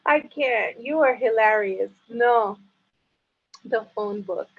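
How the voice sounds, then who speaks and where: A woman who grew up speaking chats playfully as a guest, quick to laugh. Her voice is raspy with gravel at the edges and sits a touch high. It comes through a dull, muffled call line. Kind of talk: casual flirty chat.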